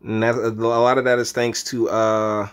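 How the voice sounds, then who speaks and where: A young man giving casual, animated commentary on news articles, reading passages aloud and reacting. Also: unhurried, clear, resonant tone. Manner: animated, jumps into high mocking voices when quoting. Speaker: commentary vlogger.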